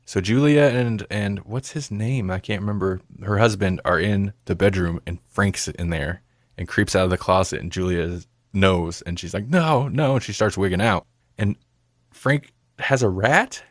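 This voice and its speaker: A man's voice: low-pitched, normal speed, dry recording, clean studio sound. A man co-hosting a movie review podcast, chatting casually and rambling, laughing often. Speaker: podcast co-host.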